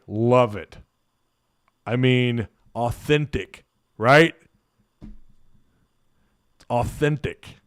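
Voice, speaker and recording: A man hosts a relaxed live stream, answering chat with jokes and frequent chuckles. His voice is smooth and clear, and the sound is close and dry with no room echo. He speaks at an average pitch. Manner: laughing, joking, thinking aloud. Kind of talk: casual live stream chat reading comments.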